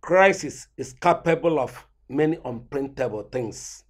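An actor playing a remorseful father who speaks slowly and solemnly about his family. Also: medium pitch, animated. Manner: slow and solemn. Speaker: family patriarch.

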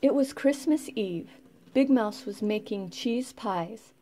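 A woman reading a children's picture book aloud in a gentle, expressive way. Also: a little high, slow, slight background noise. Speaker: storybook reader.

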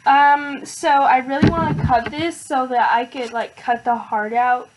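Teenage girl, high voice, slow unhurried delivery, hyper and gushing, filler-heavy casual vlog. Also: very noisy. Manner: hyper and excitable, many "like" fillers. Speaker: vlogger.

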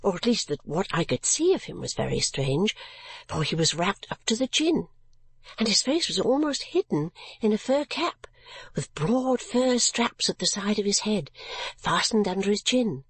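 Female audiobook narrator, breathy, dry studio sound, gentle measured reading. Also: mid-range voice, big pitch swings, dry recording.

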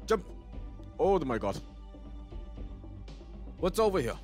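Excitable man narrating his gameplay. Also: a little high, slow, soft background music. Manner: excitable, talks to himself while playing. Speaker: gaming channel host. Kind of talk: let's play commentary.

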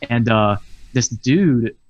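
A man, a podcast guest, telling profane stories in a casual, animated way with laughs, talking over a video call. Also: medium pitch, slow, no room sound. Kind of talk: casual storytelling chat. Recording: dull dry video call audio.

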